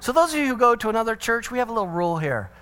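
A man's voice: very high voice, sing-song, rapid-fire, fairly bright tone. Middle-aged guy pastor, chatty and jokey, does little voices when he quotes folks. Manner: conversational and joking; often acts out quotes in changed voices. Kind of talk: church parenting seminar talk.

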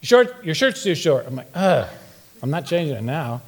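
A man's voice: a little high, big pitch swings, moderate pace, breathy edge. A middle-aged man preaching a humorous sermon in church, telling playful stories and acting out quotes. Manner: playful storytelling, acts out quotes. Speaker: pastor. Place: church sanctuary.

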